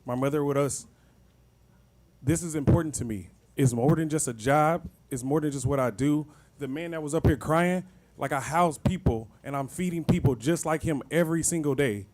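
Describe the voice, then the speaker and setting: A man speaks at a hearing with a fairly high voice, making an impassioned, begging plea. His delivery is raw and insistent. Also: normal speed, darkish tone. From Kansas City, Missouri. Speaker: nonprofit founder. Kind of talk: public comment at a hearing.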